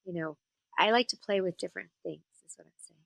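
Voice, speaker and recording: A woman voice actor and singer chatting as an interview guest, telling stories in an animated way and slipping into character voices. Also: mid-range voice, fast, creaky, no room sound. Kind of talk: casual interview chat.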